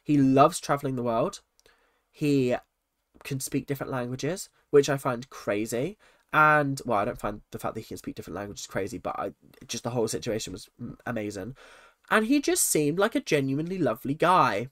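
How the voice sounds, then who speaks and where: A man's voice: medium pitch, expressive, moderate pace, fairly bright tone, dry recording. A young man ranting in casual commentary on a reality show, chatty and exasperated. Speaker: reaction vlogger.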